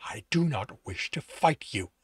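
A man voicing a calm, curious clawed demon that speaks slowly and formally. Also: mid-range voice, slightly rough, no room sound. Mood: calm, probing. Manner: slow, formal, questioning.

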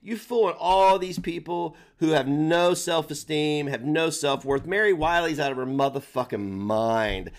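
A man's voice: on the high side, measured pace, few pauses. A man mocking a streamer during his own live stream, sarcastic and profane. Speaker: commentary streamer.

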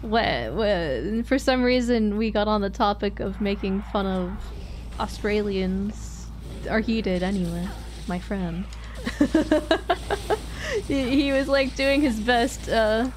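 Slow-talking, giggly woman streamer. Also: mid-range voice, slight background noise. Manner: giggly, rambling storytelling with frequent laughs. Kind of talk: casual gameplay chat.

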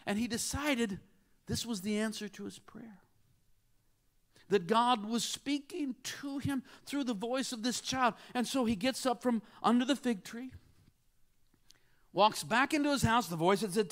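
A man in his sixties gives a sermon as a guest preacher. His voice sits high for a man. He tells the story dramatically, sinking to near whispers and then building to emphatic peaks. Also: expressive, moderate pace, fairly bright tone.

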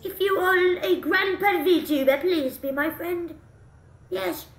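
A woman's voice: very high voice, slow, reverberant. A woman streaming as a VTuber, chatting goofily through a game with jokes and the odd swear. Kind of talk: gameplay commentary.

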